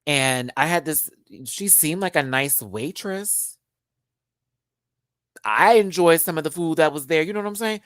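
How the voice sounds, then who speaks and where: A man hosting a live stream, telling a story in a casual, animated way straight to his viewers. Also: on the high side, unhurried, no echo, clean studio sound. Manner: animated, chatty, addresses viewers as y'all.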